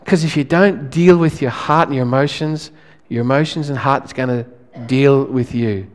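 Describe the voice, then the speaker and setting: Pastor preaching in a reverberant hall. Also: male voice, mid-range voice. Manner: conversational, halting restarts. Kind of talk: sermon.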